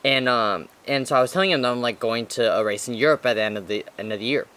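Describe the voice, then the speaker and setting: A man's voice: mid-range voice, fast talker, pushed and bright. A young man, a podcast co-host, telling a story in casual chat, rambling with lots of restarts and slang. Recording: faint background noise.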